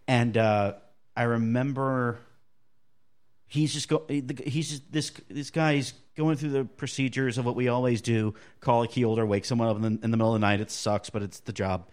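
A man's voice: medium pitch, fairly even intonation, normal speed, darkish tone. A man co-hosting a podcast, telling stories in casual chat with frequent restarts. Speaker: podcast co-host.

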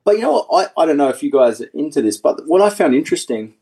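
Husky-voiced man on a video call. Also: a little high, big pitch swings, fast talker, dark tone. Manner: easygoing, chatty, laughs often, many restarts. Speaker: guest, former motorcycle racer. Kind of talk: casual podcast chat.

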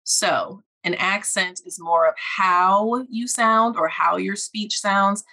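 In a podcast interview, a female speech-language pathologist answers questions, explaining things in a measured, deliberate manner. Her medium-pitched voice sounds bright and forceful.

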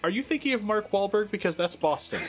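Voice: medium pitch, lively intonation, brisk, slightly rough, soft background music. A podcast co-host in casual chat, telling band history with dry, sarcastic asides. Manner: dry sarcastic asides, laughs at own jokes.

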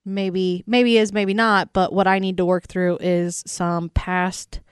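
A woman's voice: lowish voice, flat delivery, slow, clean tone, dry recording, clean studio sound. A woman co-hosting a radio show, chatting casually in a rambling, self-deprecating way. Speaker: radio co-host. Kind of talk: casual morning show banter.

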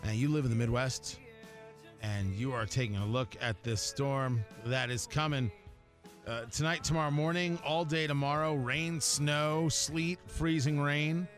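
A man's voice: fairly high pitch, fairly even intonation, measured pace, soft background music. A man hosting a morning radio show in a casual, jokey way, rambling with lots of fillers and restarts. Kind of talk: casual talk radio chat.

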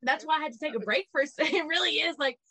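A woman co-hosting a podcast in casual gossip chat, animated and swearing, acting out quotes in little voices. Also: sits high, rapid-fire, dry recording, low-quality recording. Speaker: podcast co-host.

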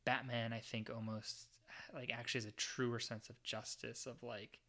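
Podcast co-host, male, bright tone, eager and chatty. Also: mid-range voice, little pitch movement, normal speed. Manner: enthusiastic, heavy use of "like". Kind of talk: casual chat.

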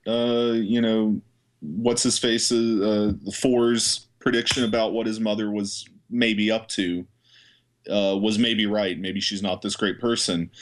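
A man co-hosting a casual movie review podcast, talking things through calmly with some swearing. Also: lowish voice, slow. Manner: relaxed, analytical with some swearing. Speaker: podcast co-host.

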